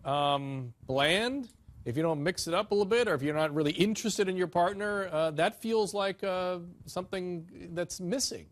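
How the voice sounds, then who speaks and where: A man hosting a talk show, a doctor who speaks briskly in quick bursts with restarts. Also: on the high side.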